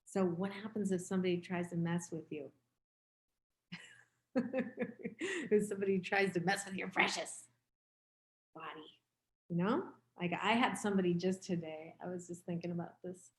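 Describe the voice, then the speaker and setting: A woman's voice: fairly low pitch, fairly even intonation, normal speed, pauses often. Reflective fifty-something woman teacher, roomy sound. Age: 50s. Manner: candid, reflective, conversational. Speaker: meditation teacher. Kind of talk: dharma talk. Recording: roomy echo.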